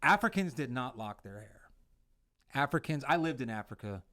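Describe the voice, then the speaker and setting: A man from the United States co-hosting a casual podcast chat, telling stories with lots of swearing and sudden jumps in pitch and loudness. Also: normal speed. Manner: profane, animated storytelling with swings in pitch and loudness. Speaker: podcast co-host, veteran.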